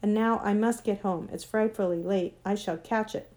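A woman voicing a spirited, sharp-tongued young girl in a storybook reading, brisk and tart. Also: medium pitch, fairly even intonation, natural voice. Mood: hurried.

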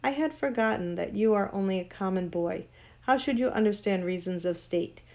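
A woman's voice: medium pitch, normal speed, darkish tone, lightly acted. A woman reading a storybook aloud and voicing a proud ancient sorceress queen who speaks in a grand, cold, commanding way. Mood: imperious.

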